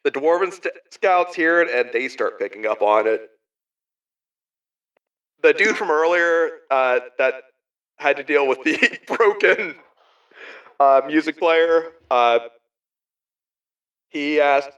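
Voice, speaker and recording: A man game-mastering a tabletop role-playing session, rambling along with plenty of fillers. His voice sounds bright and forceful, and he sits a little away from the microphone. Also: a little high, lively intonation, slow, long pauses, far from the mic, muffled recording. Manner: rambling, laughing, many fillers.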